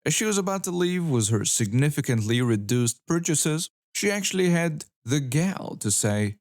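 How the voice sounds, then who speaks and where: A man reading online stories aloud as scripted narration, with an even storytelling delivery. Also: on the high side, moderate pace, few pauses, no echo, studio quality.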